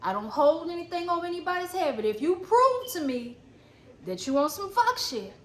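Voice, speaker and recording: A woman's voice: very high-pitched, very animated, moderate pace, a bit bright. A woman giving a blunt, emphatic spiritual pep talk, repeating phrases and cursing casually. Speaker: spiritual coach. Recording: echoey room with faint ambient noise.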